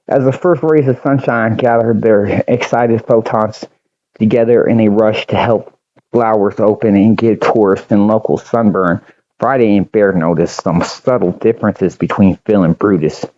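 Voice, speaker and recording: Low mellow male storyteller, lo-fi sound. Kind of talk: reading an original story aloud.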